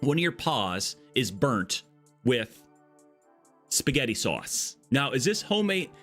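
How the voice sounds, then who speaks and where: Sex: man. Role: game streamer. Style: casual live-stream commentary. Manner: chatty, jokey, mid-pitched. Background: faint music. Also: very animated, takes it slowly, a bit bright. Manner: chatty, jokey, greets chat by name.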